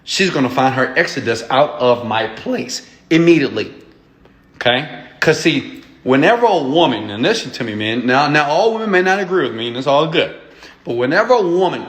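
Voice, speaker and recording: A man's voice: fairly high pitch, animated, normal speed, a bit bright. A man who is an entrepreneur and mentor, lecturing his viewers bluntly and emphatically, swearing and checking in with "okay?". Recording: echoey room.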